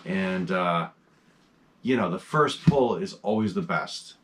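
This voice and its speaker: A man's voice: low voice, animated, slow pace, a little hiss or hum. A man hosting a horror mask collection vlog, chatting casually from a desk in his home mask room, enthusiastic and rambling with lots of fillers.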